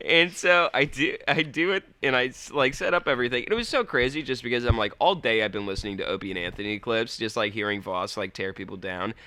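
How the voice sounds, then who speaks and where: A man's voice: medium pitch, fast, few pauses, pushed and bright, no room sound. A young man co-hosting a podcast, telling a rambling story in casual chat and swearing freely. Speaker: podcast co-host.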